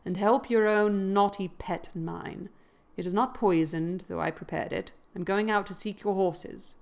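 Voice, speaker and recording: A woman reading aloud, voicing a harsh, brutal grown man who speaks loudly and threateningly. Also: mid-range voice, a little slow, natural voice. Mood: grim. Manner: loud, grim, threatening.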